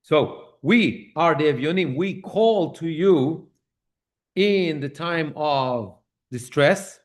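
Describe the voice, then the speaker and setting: A man with a somewhat high voice gives a relaxed, explanatory lecture on prayer to a synagogue class. He works through terms step by step, repeating and restarting phrases, and often checks in with his listeners. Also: slow. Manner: conversational, checks in with "okay?", repeats and restarts while translating terms.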